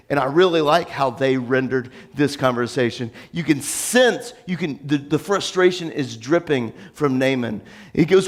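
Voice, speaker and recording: A male pastor preaching a sermon, retelling the story in an animated, joking, conversational way. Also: on the high side.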